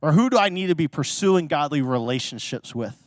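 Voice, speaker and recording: A male pastor preaching a sermon through a personal story, chatty and full of fillers, with sudden excited exclamations. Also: on the high side, fairly quick, no room sound, studio quality. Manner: casual and chatty, many fillers like "like" and "you know"; animated, bursts into loud excited exclamations.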